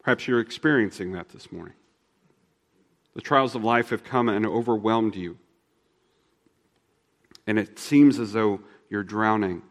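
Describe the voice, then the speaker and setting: A man preaching a sermon as pastor, earnest, sometimes slowing down and dropping his voice soft to press a point. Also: fairly low pitch, big-room sound. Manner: earnest, shifts between fast and slow, drops soft for emphasis.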